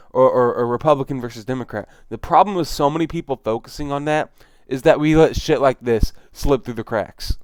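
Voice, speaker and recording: A man talks through news clips in an exasperated, emphatic way, circling back to the same phrases. His voice is smooth and clear, recorded dry and close. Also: mid-range voice, no room sound. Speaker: video commentator. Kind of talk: casual commentary on news clips.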